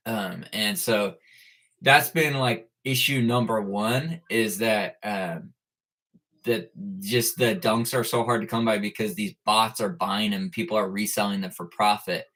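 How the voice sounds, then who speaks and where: Hosting a loose livestream from school, this man welcomes viewers one by one by name, talking easily with plenty of "like" and "uh." His voice is fairly low in pitch, bright and forceful.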